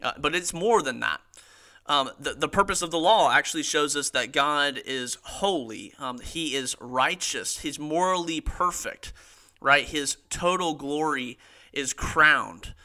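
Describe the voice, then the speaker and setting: A young man talks through Scripture on his own podcast, earnest and casual, reading quotes aloud with emphasis. His voice is very bright and sits a little high for a man. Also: a little slow. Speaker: podcast host teaching theology. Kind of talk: casual Bible teaching.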